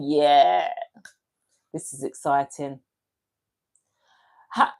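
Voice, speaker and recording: A woman's voice: on the low side, animated, a little slow. Chatty woman hosting a livestream. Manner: chatty, talks straight to viewers by name, laughs easily. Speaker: livestream host. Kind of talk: casual live chat reading comments.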